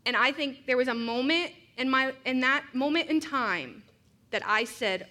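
A woman's voice: sits high, normal speed, bright, forceful tone. A woman preaching a sermon, earnest and reflective, mixing scripture with personal stories.

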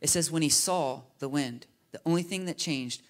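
A man preaching a sermon in a casual, animated way, often checking in with his listeners with "right?" and "you know?". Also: on the high side, moderate pace. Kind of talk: conversational sermon.

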